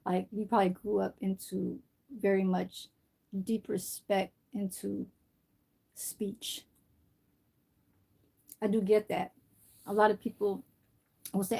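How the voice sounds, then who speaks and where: A woman's voice: medium pitch, fairly even intonation, measured pace, pauses often, a little mellow. Woman ranting casually on a live stream. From San Francisco, USA. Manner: swears freely, rambling storytelling. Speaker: livestream host. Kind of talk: casual livestream chat.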